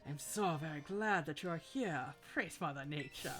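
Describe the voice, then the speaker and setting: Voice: mid-range voice, lively intonation, very slow, pushed and bright, soft background music, full character voice. A player putting on a pompous sculptor gym leader. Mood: effusive. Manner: pompous, theatrical, attempting a Spanish accent. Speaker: game character voiced by a let's-player. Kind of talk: reading game dialogue aloud.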